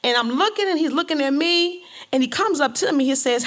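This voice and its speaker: A woman from Detroit, a home care worker and organizer, telling a personal story in a lively, colloquial way, acting out her own reactions. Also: high-pitched, brisk, hardly any pauses. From Detroit, USA.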